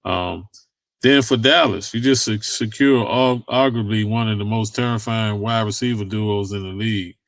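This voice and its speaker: A man's voice: fairly low pitch, moderate pace, fairly bright tone, no echo. A man hosting a sports talk show, chatting loosely about football contracts with lots of fillers and casual vernacular. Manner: loose and conversational, many fillers, Southern US vernacular. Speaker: sports podcast host.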